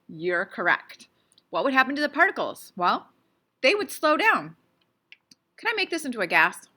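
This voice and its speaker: Bright-voiced playful woman teacher. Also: mid-range voice. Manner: playful, chatty, asks many questions; talks with her mouth full while eating. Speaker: science teacher. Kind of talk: casual classroom video lesson.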